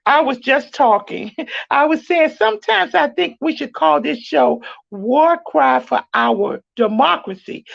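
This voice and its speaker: A woman's voice: high voice, gravelly, lo-fi sound. A woman hosting a podcast, talking with fervent, preacher-like emphasis. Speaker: podcast host. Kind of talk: casual chat.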